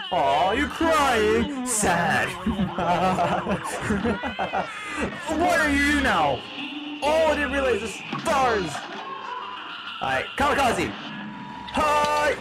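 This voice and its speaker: A man playing a demon hedgehog doing let's-play commentary, panicky and yelping, over loud game music. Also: sits high, full character voice, rough recording. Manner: panicky, yelps and repeats himself. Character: psychotic demon hedgehog, male, gaming. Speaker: gamer.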